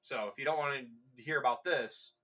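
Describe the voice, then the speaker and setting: A man's voice: medium pitch, a little fast, bright, forceful tone. A man co-hosting a podcast, casually retelling a novel's plot in a rambling way and acting out characters' lines as he goes. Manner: rambling, acts out characters' lines mid-story. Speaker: podcast co-host.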